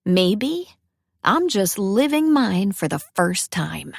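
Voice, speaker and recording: Slow, wry young woman narrating. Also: medium pitch, very animated, creaky, no echo, studio quality. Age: young adult. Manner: wry, self-deprecating. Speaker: audiobook narrator. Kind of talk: first-person romance narration.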